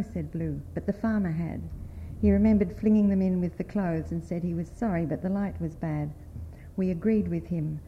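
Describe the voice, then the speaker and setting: A woman's voice: on the low side, narrow, tinny audio, a little hiss or hum. Woman reading a story aloud. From United States. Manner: measured, expressive storytelling. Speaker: writer reading at a panel.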